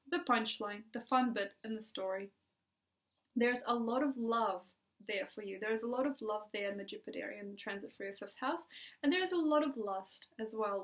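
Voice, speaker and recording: Lady astrologer, kinda high voice, dreamy and rambly with lots of ums. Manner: dreamy, repetitive, with many ums. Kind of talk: spoken astrology forecast.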